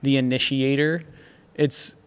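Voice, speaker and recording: A man sharing his founding story in an interview, earnest and grateful, animated when he tells stories. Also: medium pitch, a little slow, clean tone, big-room sound. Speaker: agency founder, guest. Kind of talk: casual conversational interview.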